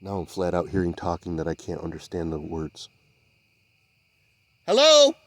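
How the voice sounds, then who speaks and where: A man investigating the woods by a swamp at night, speaking in a hushed, halting, searching way and sometimes calling out loudly. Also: low-pitched, little pitch movement. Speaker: field investigator. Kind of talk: night field investigation commentary.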